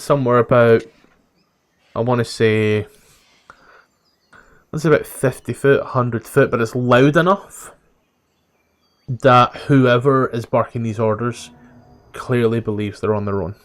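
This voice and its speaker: A man's voice: mid-range voice, a little slow, pauses often. A man serving as dungeon master, narrating a tabletop game and explaining the scene plainly. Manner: explains things plainly, with occasional fillers.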